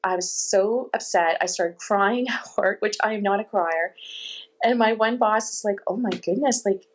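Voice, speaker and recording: Middle-aged woman, interview guest, casual and animated storytelling with bits of acted-out dialogue. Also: mid-range voice, normal speed. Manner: animated, with laughs and quoted dialogue. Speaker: interview guest sharing her health story.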